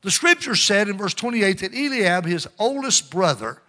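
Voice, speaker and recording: A middle-aged male pastor preaching a sermon in call-and-response style, drawing amens from the congregation. His voice sits a little high and rings bright and forceful. He swings between loud emphasis and hushed asides. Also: big pitch swings, normal speed.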